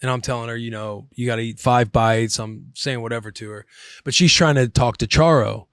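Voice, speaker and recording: Animated man telling a story, dry sound. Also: mid-range voice, brisk, smooth, no echo. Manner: animated, swears, calls listener bro and buddy. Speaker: podcast host. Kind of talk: casual storytelling.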